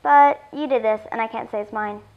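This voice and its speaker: Woman voicing a bossy excited little girl, high bright tone, lo-fi sound. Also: fairly quick, close to an everyday voice. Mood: lively. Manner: excited, snappy.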